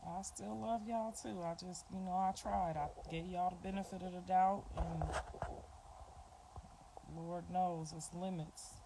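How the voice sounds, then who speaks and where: Woman, middle-aged, lowish pitch, blunt emphatic livestream talk, noisy phone audio. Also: fairly even intonation, a little slow, gravelly. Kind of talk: casual livestream talk to viewers.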